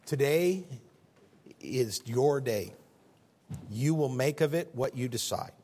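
A man preaching a sermon in church, telling stories with big swings from loud excitement to hushed earnestness. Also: medium pitch, slow pace.

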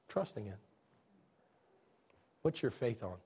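A man preaching a sermon, swinging from booming shouts to low hushed tones. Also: lively intonation, moderate pace, long pauses, breathy edge.

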